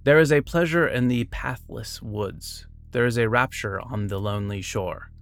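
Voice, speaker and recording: A man's voice: mid-range voice, normal speed. A man reading short biographies and quotes aloud, breaking off now and then for casual asides and small self-corrections.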